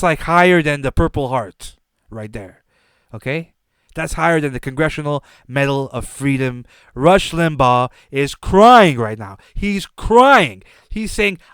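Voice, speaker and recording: Brief: sarcastic male podcast host, smooth voice, dry close recording. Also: on the high side, fairly bright tone, no echo. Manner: brash, sarcastic, swears. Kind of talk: casual TV recap monologue.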